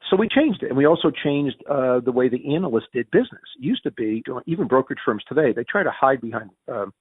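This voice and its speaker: As a guest in a conversational interview, a man with a Northern US Yankee accent tells stories fast and expressively, his voice carrying a breathy edge. He acts out quoted dialogue with big jumps in pitch, often restarting and repeating words. The audio is dry and tinny, like a phone line.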